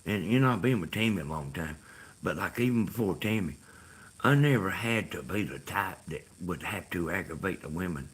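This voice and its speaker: Husky deep Georgia man rambling. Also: expressive, normal speed, a bit bright. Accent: Southern US, Georgia. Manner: meandering, full of "you know" and "like". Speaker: live stream host. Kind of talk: rambling casual chat.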